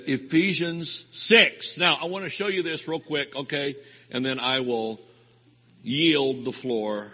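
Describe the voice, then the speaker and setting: A man preaching a rambling, folksy sermon with sudden loud outbursts at a live convention. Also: medium pitch, husky. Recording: live hall recording with long reverb.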